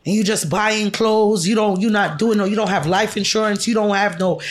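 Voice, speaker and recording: A woman's voice: medium pitch, normal speed. Blunt, profane middle-aged woman guest. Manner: blunt, profane, animated storyteller. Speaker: podcast guest. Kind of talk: casual interview chat.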